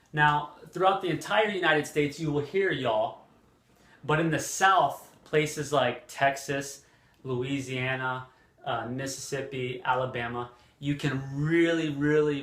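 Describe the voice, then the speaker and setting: A man teaching an English lesson, speaking deliberately and repeating example phrases, with frequent fillers. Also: fairly high pitch, fairly bright tone, roomy sound. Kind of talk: slow, clear language lesson.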